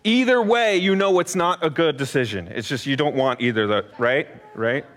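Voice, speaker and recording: Male preacher, animated storytelling sermon, quizzes the crowd, high-pitched, reverberant church hall. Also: normal speed. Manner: playful, asks the audience questions, acts out voices. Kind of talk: animated sermon to a family audience.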